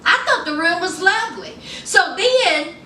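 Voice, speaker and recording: A sassy woman recaps a reality show with laughter, her voice high and bright. She takes her time, and she sounds a little off-mic in an echoey room with faint ambient noise. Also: a little slow, far from the mic. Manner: sassy, laughing, animated storytelling. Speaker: reality TV reviewer. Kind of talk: casual recap commentary.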